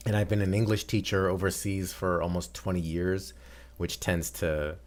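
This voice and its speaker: Host: middle-aged American man, low-ish voice, easygoing chat over a call. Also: normal speed. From eastern United States. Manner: relaxed, chatty, with frequent restarts. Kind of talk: casual online discussion.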